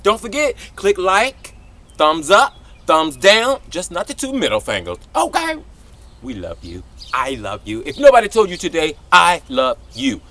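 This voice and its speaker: A man, hosting a casual outdoor gardening vlog in an exuberant, affectionate, very animated way. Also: sits high, measured pace. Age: 40s. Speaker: gardening channel host. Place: outdoors in a garden, hot day.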